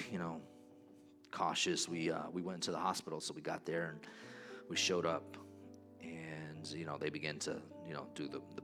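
A pastor preaching a sermon in a church, telling a personal story in an earnest way. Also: male voice, extremely low pitch.

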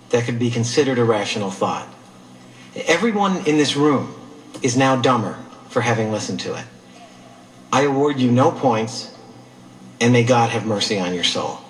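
A man's voice: mid-range voice, natural voice. A man playing a withering, stern official. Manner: cold, withering, measured scolding. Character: stern middle-aged male official scolding a contestant. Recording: echoey film clip.

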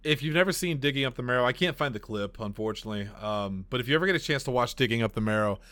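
A man's voice: mid-range voice, expressive, racing, fairly bright tone, no room sound. A man hosting a casual podcast chat, joking and steering the talk between turns. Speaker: podcast host.

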